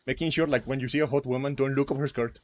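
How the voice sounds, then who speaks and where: A man's voice: mid-range voice, steady tone, fast, darkish tone, a little hiss or hum. A young man co-hosting a casual podcast chat, rambling with lots of fillers and frequent giggles. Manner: rambling, giggly, heavy use of "like". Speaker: podcast co-host.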